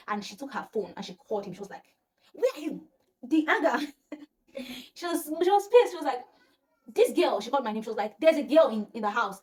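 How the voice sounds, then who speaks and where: A young woman from Nigeria with a Nigerian accent, telling a personal story in casual vlog chat and acting out the voices of the people in it. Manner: animated, acts out quoted voices, often drops to a low murmur. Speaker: storyteller vlogger.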